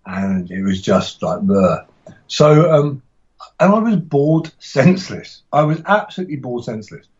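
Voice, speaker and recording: A man's voice: medium pitch, big pitch swings, normal speed, dull audio. A middle-aged man, a martial arts instructor and author, telling stories in a podcast interview with enthusiasm and frequent restarts.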